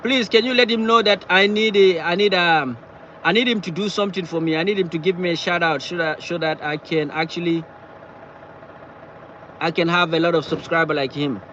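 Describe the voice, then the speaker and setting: A man chatting casually on a live stream from his car, talking in halting bursts and repeating himself as he answers viewers. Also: on the high side, bright, forceful tone, highs cut off, slight background noise. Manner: halting, repeats words and phrases often. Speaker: livestreamer reading viewer chat. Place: in or beside a parked car.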